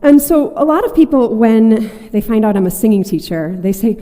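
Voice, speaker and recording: A woman's voice: a little high, expressive, normal speed, warm tone. A woman, a singing teacher and opera singer, giving a friendly explanatory talk on stage. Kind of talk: stage presentation. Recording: long hall reverb.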